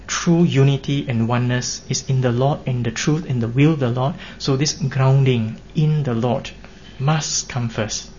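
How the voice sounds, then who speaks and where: A man preaching a sermon in an earnest, measured way, pressing his points with emphatic rises. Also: mid-range voice, a little mellow. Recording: dull lo-fi recording with faint hiss.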